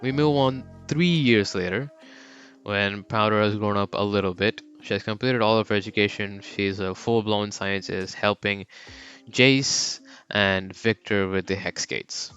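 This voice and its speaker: A man's voice: on the low side, fairly even intonation, unhurried, a bit bright, lo-fi sound, soft background music. A young man casually narrating a fan story, slangy and rambling.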